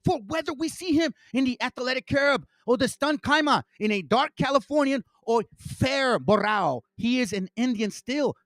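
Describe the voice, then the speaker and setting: A man's voice: extremely high pitch, lively intonation, normal speed, few pauses, fairly bright tone, no room sound. A man hosting an online commentary, reading passages aloud and reacting in a heated, profane rant full of stumbling restarts. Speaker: channel host.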